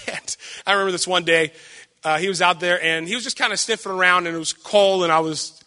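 A young man giving a sermon with personal stories, loud and animated, self-deprecating and acting out what people say. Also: sits high, brisk, long reverb tail. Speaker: preacher.

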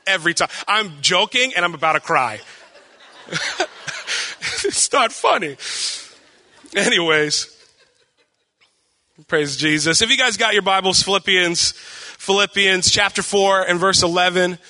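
A young male pastor preaches a casual sermon in a church hall with long reverb, chatty and joking as he asks the congregation questions. His high, bright voice carries a forceful tone at a measured pace with long pauses.

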